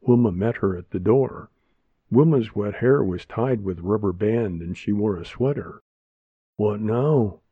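A man narrating an audiobook in a measured, steady way, in a dull lo-fi recording. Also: fairly low pitch, slightly rough, no room sound.

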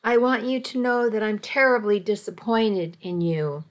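A woman's voice: medium pitch, close to an everyday voice. A woman reading as a stern, stammering father. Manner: halting, stammering.

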